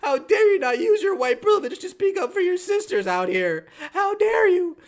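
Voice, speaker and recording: A man mimicking a shrill shouting woman coach. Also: very animated, moderate pace, heavily acted. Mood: scolding shout. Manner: shrieking, accusatory.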